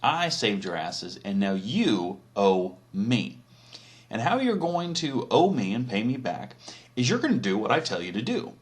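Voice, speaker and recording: A man's voice: lowish voice, big pitch swings, measured pace. A man voicing God as a blunt, profane, demanding boss in a comedy retelling. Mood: bossy. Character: bossy male God laying down the rules.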